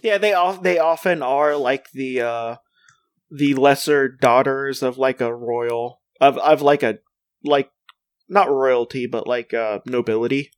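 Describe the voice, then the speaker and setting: A man's voice: mid-range voice, a little slow, no echo. A man co-hosting a podcast in casual chat, rambling with lots of fillers and restarts. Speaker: podcast co-host.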